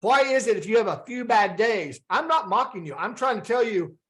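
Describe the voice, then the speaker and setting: A man's voice: sits high, lively intonation, brisk, fairly bright tone. A man coaching a group over a video call, talking casually, asking the group rhetorical questions and acting out the thoughts people have. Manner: acts out quoted inner thoughts. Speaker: fitness and wellness coach.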